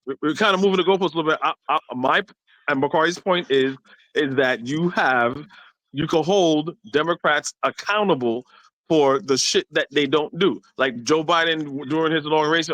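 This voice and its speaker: A man co-hosting a panel talk show, arguing emphatically with many quick restarts over a remote call. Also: on the high side, a bit bright, no room sound, low-quality recording. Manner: emphatic, argumentative, frequent restarts. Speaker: podcast co-host. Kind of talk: heated panel debate.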